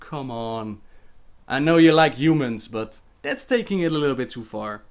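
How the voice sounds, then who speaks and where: A man's voice: medium pitch, animated, normal speed. A young man with a Dutch accent, hosting a casual livestream where he reads viewer questions aloud and answers them chattily.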